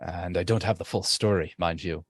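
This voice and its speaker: A man's voice: deep voice, steady tone, dry recording. A man voicing a polite, hesitant male soldier who reports a problem to his superiors. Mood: reporting trouble. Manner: deferential, halting with many fillers.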